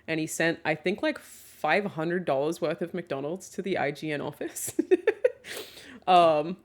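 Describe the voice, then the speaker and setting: A woman's voice: sits low, normal speed. A young woman streamer chatting casually with her viewers and reading their questions aloud. She swears freely, laughs often and fills her talk with "um"s.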